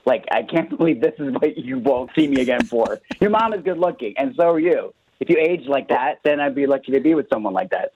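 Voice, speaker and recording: A man's voice: medium pitch, expressive, a little fast, few pauses, a little hiss or hum. Rambling male caller on a dull phone line. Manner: rambling, lots of "like" fillers. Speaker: radio caller. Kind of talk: casual phone chat. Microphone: telephone.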